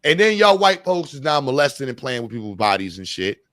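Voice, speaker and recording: A man's voice: medium pitch, big pitch swings, brisk, fairly bright tone, dry recording, studio quality. A man hosting a podcast, ranting in a blunt, profane, slangy way. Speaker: podcast host. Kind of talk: heated casual rant.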